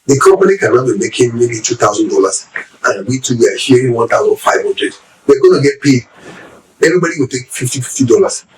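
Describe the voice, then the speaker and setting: A middle-aged Nigerian man with a Nigerian accent, telling his life story as an interview guest, animated and acting out the voices of people he quotes. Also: mid-range voice, fast talker, recorded from a distance, poor audio. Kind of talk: casual storytelling.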